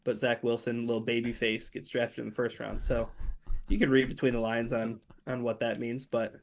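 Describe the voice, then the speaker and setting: A man's voice: mid-range voice, flat delivery, normal speed, vocal fry. A man co-hosting a sports podcast, rambling casually with many fillers. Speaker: podcast co-host.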